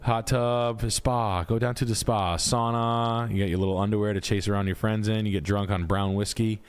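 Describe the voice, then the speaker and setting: A man's voice: fairly low pitch, steady tone, moderate pace, smooth. A man hosting a live stream, reviewing house listings with crude, profane jokes and loose, riffing commentary. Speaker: realtor reviewing house listings, show host.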